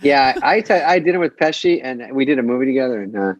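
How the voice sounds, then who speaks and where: A male podcast co-host whose slightly high voice moves up and down in lively swings. He rambles and interrupts himself mid-story. The recording sounds dry and dull, as if it came through a muffled mic. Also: quick pace, no room sound. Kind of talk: casual podcast chat.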